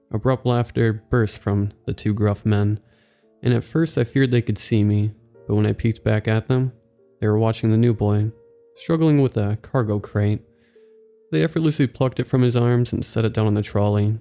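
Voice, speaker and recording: A man narrating a scripted horror story in a slow, measured way. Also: fairly low pitch, steady tone, dark tone. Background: faint background music.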